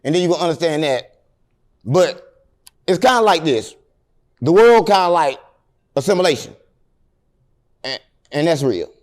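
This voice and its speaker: A man tells long, rambling stories in a casual interview. He is animated and jokes with a straight face. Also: fairly high pitch, normal speed, pauses often. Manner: animated, rambling, deadpan joking. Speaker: interview guest.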